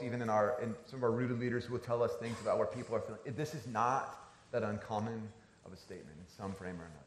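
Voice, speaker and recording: A man's voice: mid-range voice, echoey room. A man in his thirties, a pastor giving a conversational, storytelling sermon.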